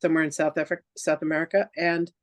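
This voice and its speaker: Racing through a personal story, this low-pitched woman, a reverend who hosts a podcast, acts out the dialogue in casual chat. Her pitch barely moves, and there's no room sound. Her talk is loaded with "like" and restarts.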